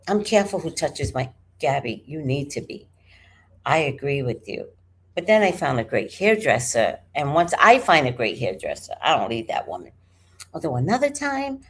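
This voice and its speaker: A woman in her forties hosting a livestream, telling stories in a casual, animated way that swings from hushed to loud. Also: low voice, slight background noise. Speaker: livestream host. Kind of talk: casual storytelling to a live chat.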